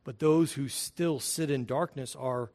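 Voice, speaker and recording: A man preaching a sermon emphatically, asking the congregation rhetorical questions and swinging between loud and quiet. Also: medium pitch, a little slow. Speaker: pastor.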